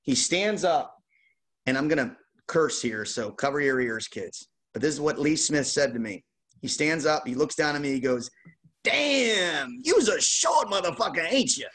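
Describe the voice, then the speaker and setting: A man hosting a card-opening show, telling a lively casual anecdote with laughs. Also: medium pitch, normal speed. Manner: animated, laughing anecdote teller. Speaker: host opening baseball card packs. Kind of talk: casual storytelling.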